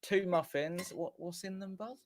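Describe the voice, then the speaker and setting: A man's voice: high-pitched, fairly even intonation, normal speed, a little hiss or hum. Chatty man commentating a match. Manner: chatty, rambling, often corrects himself. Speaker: fan watchalong host. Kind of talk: casual live match commentary. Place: small home studio.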